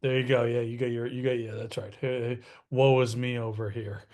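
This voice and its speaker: A man's voice: mid-range voice, flat delivery, fairly quick, a little mellow. A man in his thirties, co-hosting a webinar, talking in a casual, salesy way with frequent restarts. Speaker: co-host. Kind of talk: webinar talk.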